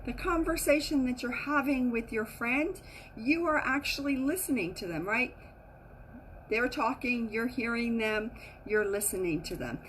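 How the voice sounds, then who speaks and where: Upbeat spiritual teacher woman, higher voice. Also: unhurried, a little hiss or hum, rough recording. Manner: animated, acts out inner voices in quotes. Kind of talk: casual teaching talk to a group.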